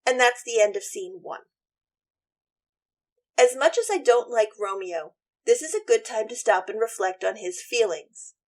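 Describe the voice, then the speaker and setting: A woman's voice: fairly high pitch, lively intonation, a little slow. A woman teacher and podcast host retelling a play in a chatty, opinionated way and voicing all the characters herself. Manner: chatty, opinionated, plays every part. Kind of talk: casual literature lesson retelling.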